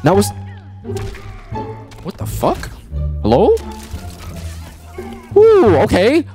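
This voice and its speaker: A young man streaming a fighting game, cursing at the characters and going from low muttering to shrieks. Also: wildly swooping pitch, very slow, dark tone. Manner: profane, trash-talks the fighters, swings from low muttering to shrieks. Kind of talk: live gameplay commentary. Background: game music.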